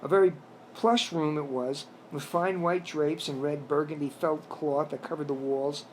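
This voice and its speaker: A man reads his own storybook tale aloud in a plain, slightly halting way, now and then restarting a word. His voice sits a little high for a man. A faint hiss lies under the recording. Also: steady tone, a little mellow, rough recording. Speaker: narrator. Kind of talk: reading a self-written story aloud.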